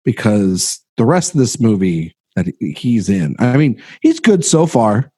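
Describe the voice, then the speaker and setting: A man talks through a film on a podcast in a low, warm voice, stopping and restarting often and letting phrases fade away. The sound is dry and close. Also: big pitch swings, no room sound. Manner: halting, many restarts, trails off quietly. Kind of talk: casual film discussion.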